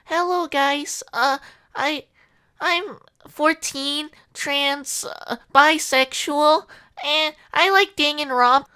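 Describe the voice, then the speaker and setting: A speaker putting on the voice of a shy young teen who introduces themself haltingly. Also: high-pitched, sharp tone, pitched above the performer's own voice, exaggerated voice. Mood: timid. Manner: hesitant, halting with fillers.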